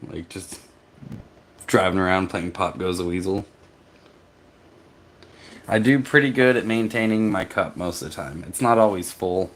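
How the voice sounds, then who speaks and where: A man from Texas, a vlogger, reading his chat aloud and answering in a rambling, halting way, tired from poor sleep. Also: low-pitched, a little hiss or hum. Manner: rambling, halting, with restarts and laughs. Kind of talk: casual live-stream chat.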